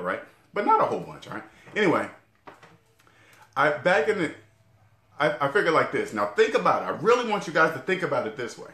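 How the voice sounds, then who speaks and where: A man's voice: medium pitch, a bit bright, roomy sound. A man in his forties giving an emphatic, profane talk straight to camera on a casual finance vlog, often checking in with "all right?". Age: 40s. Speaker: debt-free finance vlogger. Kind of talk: casual talking-head rant.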